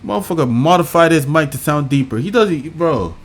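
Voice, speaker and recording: A man's voice: fairly high pitch, expressive, a little fast. A man reacting to clips with mocking, profane outbursts. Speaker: commentary reactor. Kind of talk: live reaction commentary.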